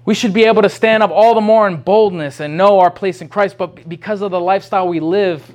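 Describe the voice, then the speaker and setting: A man's voice: high voice, fairly even intonation, fairly quick. A man preaching an informal sermon, rambling and restarting often, then pressing with urgent questions.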